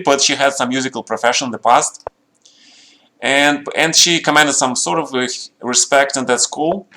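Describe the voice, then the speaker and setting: A middle-aged man rambles through a story on a live chess stream, keeps checking in with his listeners, and uses slightly broken English. His voice is bright and forceful. He stays at a middle pitch for a man. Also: a little hiss or hum. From Russia. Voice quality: slightly broken non-native grammar.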